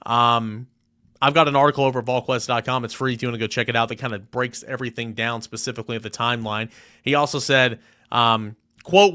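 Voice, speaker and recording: A man's voice: mid-range voice, steady tone, fast talker, sharp tone, clean tone. A young man hosting a solo sports podcast, talking emphatically and reading quoted passages aloud with rising force.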